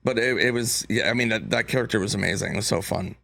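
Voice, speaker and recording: A man being interviewed in a talk show studio, a comedian telling lively stories and acting out the lines of people he quotes. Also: lowish voice, quick pace, creaky. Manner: animated storyteller, acts out quotes. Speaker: comedian guest. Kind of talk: casual interview chat.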